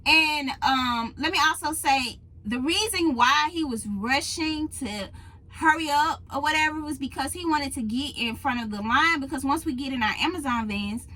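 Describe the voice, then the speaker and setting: A woman vlogger telling a story to her viewers in a casual, animated, emphatic way, recorded on a phone in a truck cab. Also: high-pitched, normal speed, poor audio. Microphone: phone in a holder.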